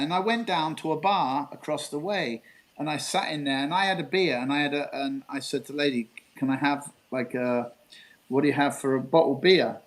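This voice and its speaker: An Englishman with a medium-pitched voice, heard through poor audio, is a guest in a casual storytelling interview. He tells a long, rambling story, repeating himself and swearing along the way.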